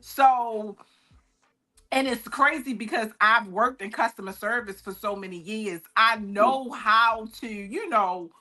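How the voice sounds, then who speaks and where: A woman comedian with a Baltimore accent, chatting in a lively, expressive way. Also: on the high side, takes it slowly. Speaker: comedian, guest. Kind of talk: casual livestream chat.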